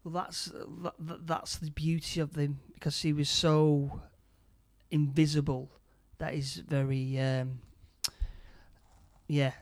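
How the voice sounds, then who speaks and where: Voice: mid-range voice, little pitch movement, slow pace, a little mellow. A speaker casually retelling a film's plot scene by scene, stumbling over and repeating words. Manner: stammering, repeats words often.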